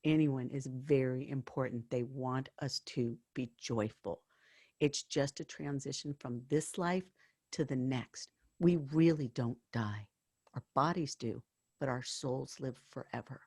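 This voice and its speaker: A woman's voice: very deep voice, a little slow, darkish tone, husky, dry recording, studio quality. A woman guest, a former hospice worker, speaking earnestly in a conversational interview and acting out the people in her stories. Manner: earnest, storytelling, acts out quoted dialogue.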